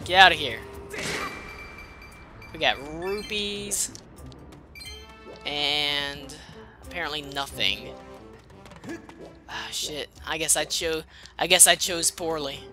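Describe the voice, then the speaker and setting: A woman's voice: low-pitched, takes it slowly, pauses often, over music. A woman giving casual, profane gameplay commentary, muttering and sarcastic as she plays. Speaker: let's play host.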